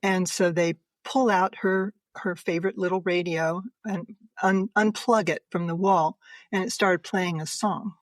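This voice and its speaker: An older woman, a podcast guest, earnestly and emotionally telling a personal story, laughing softly between sentences. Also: lowish voice, fairly even intonation, measured pace, no echo.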